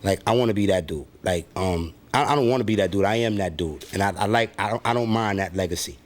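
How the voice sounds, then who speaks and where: A man's voice: fairly low pitch, fast talker. A middle-aged man with a New York accent, a music producer talking casually as an interview guest, laid-back and full of fillers.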